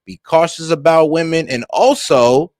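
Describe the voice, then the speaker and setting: A man doing casual reaction commentary on political news, animated and joking, laughing at his own asides. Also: fairly high pitch, normal speed, dry recording.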